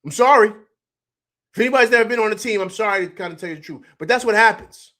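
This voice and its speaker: A middle-aged man with a high-sitting voice talks fast as he hosts a live postgame sports show. Animated and emphatic, he reads chat comments aloud, answers them, and repeats himself a lot.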